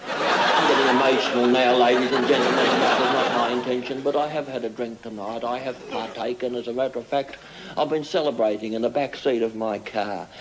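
A man doing a tipsy, pompous Australian diplomat in a broad accent, who rambles on in an inflated, formal manner. His pitch sits in an ordinary middle range. The sound comes from a hissy old 1970s TV broadcast. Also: fairly even intonation, fairly quick, lightly acted. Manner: pompous, boozy, rambling speechifying. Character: drunk crude middle-aged male Australian diplomat. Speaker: comic character monologue. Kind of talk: television comedy sketch. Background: studio audience laughter.

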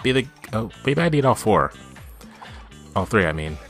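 A man doing let's play commentary, swinging between chatty self-talk and loud, swearing outbursts at the game. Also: on the low side, moderate pace, vocal fry, faint music behind. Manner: excitable, yelling and swearing at the game.

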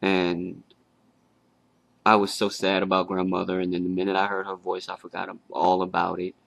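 Very deep, gravelly man, flat delivery. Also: dry recording. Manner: halting, with fillers and restarts. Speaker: grieving grandson. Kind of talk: casual personal tribute.

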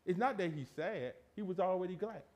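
Emphatic preaching man, lively pitch. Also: brisk. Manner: emphatic, rhetorical questions, swings from loud to hushed. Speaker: pastor. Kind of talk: sermon. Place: church sanctuary.

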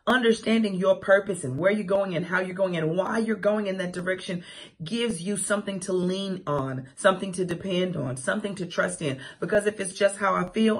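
Woman, radio morning host, inspirational faith talk, emphatic and sassy. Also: medium pitch. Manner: preachy, emphatic, repeats phrases for rhythm; sassy asides and laughing quips.

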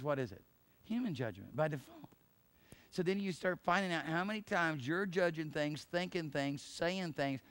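With laughs and fast asides, a middle-aged pastor gives an emphatic, conversational sermon. His voice runs on the high side and sounds a bit bright.

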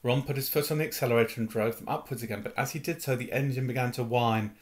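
A man reading a novel aloud in an expressive storytelling manner. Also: mid-range voice, quick pace. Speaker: reader. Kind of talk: audiobook narration of a novel.

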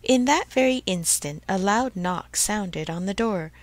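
A woman reading a storybook aloud for English learners in a clear, measured way. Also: medium pitch, lively intonation, no echo. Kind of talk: scripted storybook narration.

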